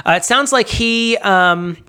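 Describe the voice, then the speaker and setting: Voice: medium pitch, a little slow, sharp tone, smooth. A podcast co-host in a casual movie discussion, talking in a chatty, digressive way.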